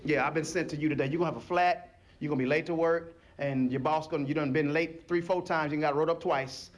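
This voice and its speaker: A man's voice: on the high side, steady tone, fast talker, pitched below the performer's own voice, natural voice. Preacher voicing Trouble, a breezy male bearer of bad news in a sermon, casual and matter-of-fact.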